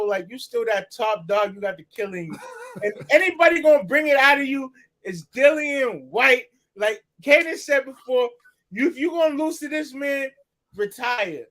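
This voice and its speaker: An American man co-hosting a boxing talk show in casual chat, animated and fired up, full of slang. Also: very high voice.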